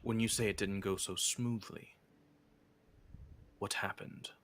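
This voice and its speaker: Guy doing a shabby stranger npc, lowish voice, flat and probing. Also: takes it slowly, slight background noise. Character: hooded man's ragged companion, blunt. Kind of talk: tabletop game role-play.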